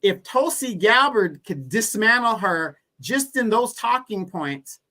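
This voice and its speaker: Male co-host, high voice, emphatic and argumentative in casual political chat. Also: big pitch swings, takes it slowly, bright, forceful tone.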